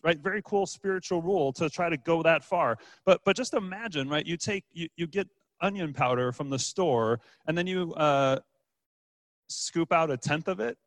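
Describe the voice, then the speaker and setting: A man's voice: fairly high pitch, no room sound. A man preaching a casual, joking sermon as a pastor, with frequent fillers and restarts. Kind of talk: conversational sermon.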